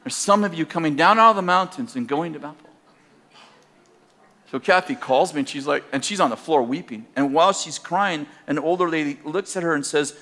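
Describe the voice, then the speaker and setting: An older man from Northern California, preaching by telling a personal story in a conversational, animated way and laughing at his own tale. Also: fairly high pitch, a little fast. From Northern California, USA.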